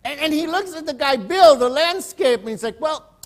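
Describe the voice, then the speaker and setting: High-voiced male pastor preaching. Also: animated, a little fast. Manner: storytelling, repeats words when starting sentences. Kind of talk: sermon. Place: church service.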